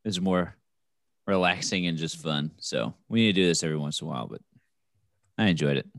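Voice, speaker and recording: A man's voice: low-pitched, lively intonation, a little fast, no echo, studio quality. A man co-hosting a casual podcast chat, blunt and easygoing with his jokes. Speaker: podcast co-host.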